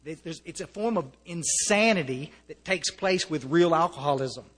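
A man's voice: on the high side, expressive, normal speed, fairly bright tone. An American man giving a personal testimony to a recovery meeting, earnest and conversational, often restarting his sentences and mixing in wry humor. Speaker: speaker sharing at a recovery meeting. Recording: long reverb of a large hall.

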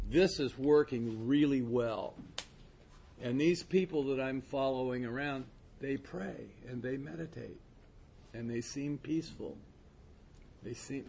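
A man's voice: medium pitch, slight background noise. A man speaking candidly and conversationally at a recovery meeting, rambling with frequent asides. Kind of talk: personal testimony talk.

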